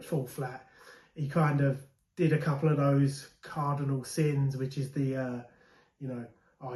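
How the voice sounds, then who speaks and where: A man's voice: medium pitch, a little mellow. A man judging a rap battle, talking through his verdict in a hesitant, rambling way. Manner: hesitant, rambling, many fillers and restarts. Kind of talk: judge's verdict to camera. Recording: echoey room.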